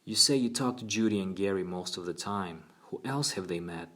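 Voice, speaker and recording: A man's voice: low voice, brisk, fairly bright tone. A man voicing an earnest, persuasive woman psychologist in an audiobook reading.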